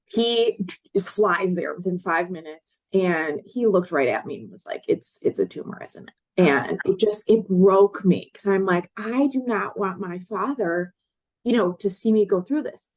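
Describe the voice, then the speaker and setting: A woman's voice: mid-range voice, measured pace, a little mellow. A woman in her late twenties from Chicago, earnestly telling her own story as a guest and acting out the words of others. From Chicago, USA. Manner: earnest, acts out others' words in quoted voices. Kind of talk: personal storytelling in an interview.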